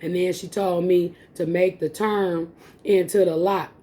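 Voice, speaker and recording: A woman vlogger, casually telling viewers a personal story, animated and laughing often. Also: on the low side, unhurried. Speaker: mukbang vlogger. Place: home, eating on camera.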